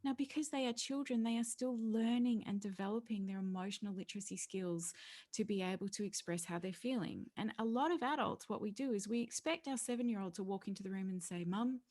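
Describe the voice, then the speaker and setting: A woman's voice: mid-range voice, brisk, a little mellow. A middle-aged woman, a parenting educator, speaking as a podcast guest in an earnest, explanatory way. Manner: earnest and explanatory, slipping into playful voices for children and parents. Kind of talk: podcast interview conversation.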